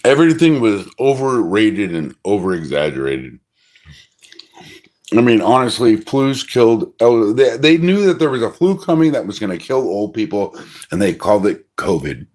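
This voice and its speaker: Middle-aged man, profane livestream rant, scoffing, lively pitch. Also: normal speed. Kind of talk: ranting monologue.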